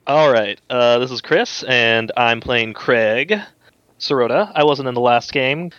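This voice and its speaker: A man's voice: medium pitch, a little slow, fairly bright tone, clean tone, no room sound, dull audio. A man introducing his character as a player on a tabletop game podcast, dry and joking. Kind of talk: casual chat.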